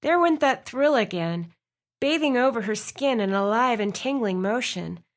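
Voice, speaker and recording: A woman reading a romance audiobook aloud, with expressive narration. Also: on the high side, moderate pace. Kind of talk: scripted narration.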